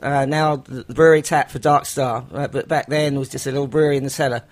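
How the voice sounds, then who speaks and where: An English man talking as a radio guest about the festival he co-founded, halting with frequent ums and restarts. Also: mid-range voice, fairly even intonation. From England. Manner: hesitant, many ums and restarts. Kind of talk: casual radio chat.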